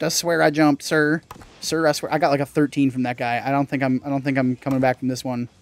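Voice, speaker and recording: A young man, a gaming channel host, giving casual gameplay commentary, chatty and excitable, swearing mildly and yelping when things go wrong. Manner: excitable, bursts into high yelps and laughs at mistakes. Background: faint game music.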